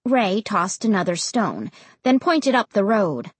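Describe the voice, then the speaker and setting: A woman narrating a children's story as an audiobook reader, with an expressive, lively delivery. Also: medium pitch, a little slow, husky, no room sound.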